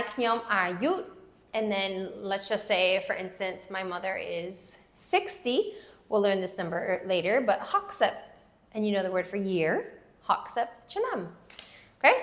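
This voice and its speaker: Woman teaching slowly with careful repetition. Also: medium pitch, fairly bright tone. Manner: slow, careful repetition of words; writes on a board while explaining. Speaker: language teacher. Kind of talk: language lesson.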